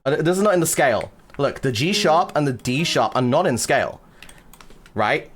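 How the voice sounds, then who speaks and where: Expressive and on the high side, this man's voice keeps a moderate pace as he streams casually. He teaches music production by breaking down chords, cracking crude jokes and leaning heavily on swearing and fillers.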